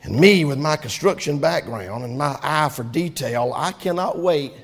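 A man, preaching a sermon with rising shouts and call-and-response. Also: fairly high pitch, lively intonation, moderate pace. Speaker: pastor. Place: church sanctuary. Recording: long hall reverb.

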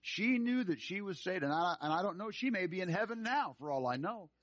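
A man's voice: high voice, expressive, fairly quick, fairly bright tone, no echo. A male pastor preaching a sermon, telling a story and then pressing his point with earnest urgency. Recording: dry, slightly dull sound.

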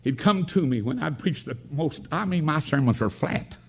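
A gravelly, breathy-edged voice on the high side belongs to an older Appalachian-accented preacher from the North Carolina mountains. Animated and moderately paced, he tells folksy revival stories that climb into shouted praise.

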